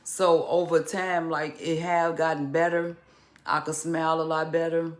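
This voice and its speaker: A man talking casually to camera in a vlog, halting and restarting, with occasional stutters. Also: a little high, level tone. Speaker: vlogger.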